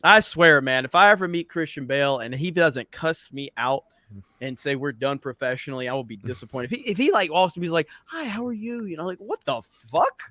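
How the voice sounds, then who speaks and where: A man's voice: a little high, animated, brisk, bright, forceful tone, dry recording, clean studio sound. A man hosting a casual podcast chat, rambling with lots of filler words and laughing often. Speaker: host.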